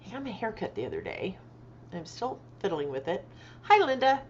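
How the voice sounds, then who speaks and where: A tired, middle-aged woman chats her way through a livestream, her pitch rising and falling in lively swings as she greets viewers by name. She laughs easily, and the audio is a little dull and lo-fi, with a faint hiss underneath. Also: brisk. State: tired after a long day. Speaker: livestream host and author. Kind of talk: casual livestream chat. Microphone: desktop microphone.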